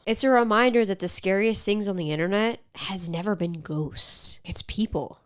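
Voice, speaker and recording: A woman hosting a casual reaction commentary, sarcastic and exasperated, sometimes dropping into a whisper. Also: medium pitch. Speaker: commentary host.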